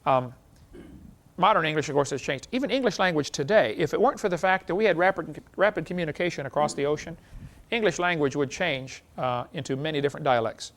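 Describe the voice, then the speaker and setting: A man teaches a class in a relaxed, folksy way, sprinkling in anecdotes and chuckling at his own jokes. His voice sits somewhat high and has a gravelly edge. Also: quick pace. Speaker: lecturer.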